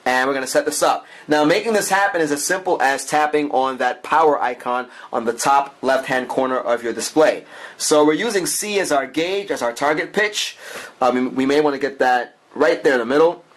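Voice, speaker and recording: A man's voice: mid-range voice, normal speed. Chatty man demoing an app. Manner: chatty, enthusiastic, frequent "take a look" and uh fillers. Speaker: app reviewer. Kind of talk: app demo walkthrough.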